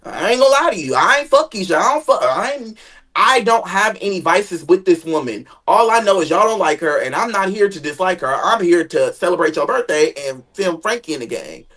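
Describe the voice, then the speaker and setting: A guest chatting casually about family drama, animated, jumping into high dramatic tones and swearing freely. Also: fairly quick. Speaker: guest sharing family stories. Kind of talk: casual gossip chat.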